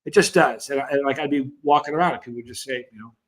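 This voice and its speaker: A man's voice: mid-range voice, very fast, poor audio. A man in his fifties from the United States, hosting a casual livestream and rambling through stories while greeting viewers by name. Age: 50s. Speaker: host of a chili channel.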